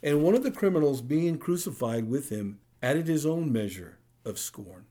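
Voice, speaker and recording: A male pastor with a slightly high, mellow voice preaches in an animated, conversational manner. He often checks in with the congregation using a quick "right?"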